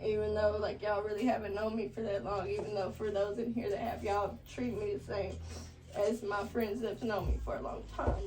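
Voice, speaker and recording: A woman's voice: medium pitch, flat delivery, brisk, a little mellow. A woman hosting her own listening event, giving a heartfelt, tearful thank-you speech to friends in a studio. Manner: heartfelt, tearful, laughing between words. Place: recording studio with a gathered crowd. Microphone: far from the mic. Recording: distant room mic with music behind.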